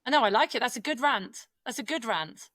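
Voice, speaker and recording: A woman's voice: a little high, lively intonation, a little fast, a bit bright, no echo. A British woman co-hosting a podcast, explaining in an upbeat casual way. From United Kingdom. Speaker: podcast co-host.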